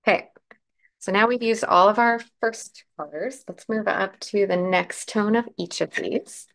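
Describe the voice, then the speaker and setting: A woman hosting a live crafting demo, chatting through each step and answering viewer comments, with a croaky morning voice. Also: mid-range voice, unhurried, a bit bright. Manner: chatty, explains steps while working, answers comments. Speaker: craft livestream host.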